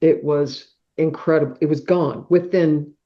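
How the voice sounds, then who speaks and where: A woman's voice: sits low, steady tone, a little slow. A middle-aged woman telling a personal story as a podcast guest, acting out sounds like whooshes and claps as she goes. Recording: dull, muffled podcast audio.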